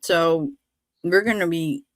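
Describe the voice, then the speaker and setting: A woman hosting a casual faith chat on a livestream, telling animated stories, acting out what others said and laughing often. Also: lowish voice, takes it slowly, no room sound. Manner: animated storytelling, acts out quoted voices, laughs often. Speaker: livestream host.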